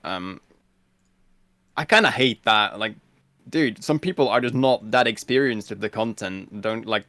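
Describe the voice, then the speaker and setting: A man's voice: fairly low pitch, lively intonation, measured pace, a bit bright, no echo. A man chatting casually on a podcast, laid-back and blunt, with many "like" fillers. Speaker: guest streamer.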